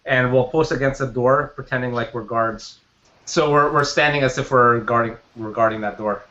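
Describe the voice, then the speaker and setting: A man playing a tabletop game, speaking haltingly with repeated words. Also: medium pitch, pushed and bright. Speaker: player. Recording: dull lo-fi sound.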